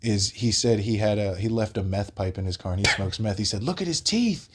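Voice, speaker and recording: A young man hosting a vlog, telling a wild story in casual chat. He talks in an animated way, swears freely, laughs along, and acts out the people he quotes. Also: lowish voice, brisk, slight background noise. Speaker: vlog host.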